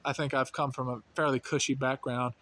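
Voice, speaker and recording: A young channel host from rural North Carolina, speaking with a light Southern accent in a medium-pitched, fairly bright voice that barely moves in pitch. He talks a little fast in a casual, rambling monologue packed with fillers and restarts, and there's a little hiss or hum in the recording.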